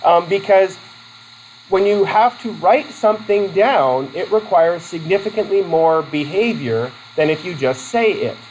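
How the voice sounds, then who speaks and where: A man from Vermont lectures a classroom and calls on students by name. His pitch swings widely as he talks, and his delivery is chatty and self-deprecating, full of fillers and restarts. A faint hiss sits under the recording. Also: expressive, measured pace, darkish tone, poor audio. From Vermont, USA. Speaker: college instructor.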